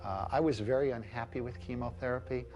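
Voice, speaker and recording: A man's voice: medium pitch, fairly even intonation, fast talker. A man telling the story of his wife's cancer in an earnest, emphatic interview testimonial. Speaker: husband of a cancer patient. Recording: music bed under the voice.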